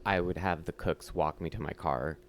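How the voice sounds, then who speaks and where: A young adult podcast co-host telling stories in animated casual chat, swearing freely. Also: deep voice, normal speed.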